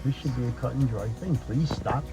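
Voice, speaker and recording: A man's voice: medium pitch, a little fast, music in the background. A man co-hosting a casual talk show, reacting expressively and sympathetically to his guest's story. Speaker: co-host.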